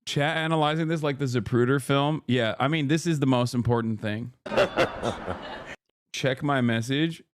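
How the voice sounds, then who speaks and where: A man's voice: mid-range voice, a little slow, noisy background. A man streaming casual reaction commentary, talking loosely and swearing for emphasis.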